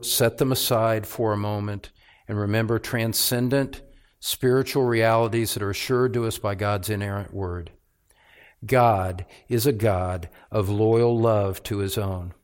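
A male pastor preaching a sermon, calling his listeners beloved and rising in pitch and volume on the points he stresses. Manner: rises in pitch and volume for emphasis, slows on key phrases.

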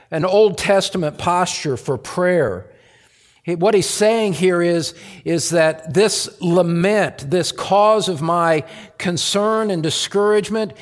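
Guy preaching a sermon, slow and earnest, kinda high voice, big echoey reverb. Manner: earnest expository preaching, reading scripture aloud.

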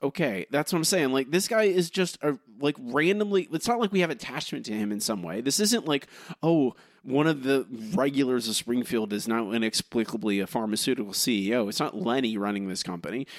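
A man co-hosting a podcast, talking in animated bursts with many halting restarts. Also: mid-range voice, no room sound, studio quality. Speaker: podcast co-host. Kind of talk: casual podcast discussion.

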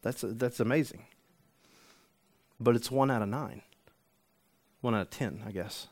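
Male pastor, mid-pitch, animated sermon storyteller. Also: measured pace. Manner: animated storytelling, acts out the healed man's joy.

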